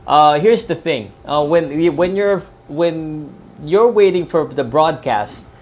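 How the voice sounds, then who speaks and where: A man's voice: fairly high pitch, lively intonation, slow, darkish tone. A man from the Philippines, a professional commentator, chatting loosely about boxing and MMA on a live stream, with many fillers and restarts. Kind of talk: live fight-night talk.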